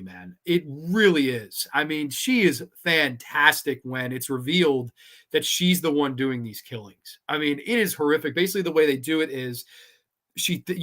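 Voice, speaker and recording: Male horror show host, live casual countdown, bright slightly high voice, rambling and profane. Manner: enthusiastic, swears freely, loose rambling delivery.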